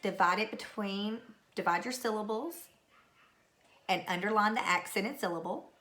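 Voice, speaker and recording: A woman's voice: mid-range voice, moderate pace, bright, forceful tone. A middle-aged woman teacher recording a spelling lesson at home, patiently calling out words and spelling them letter by letter.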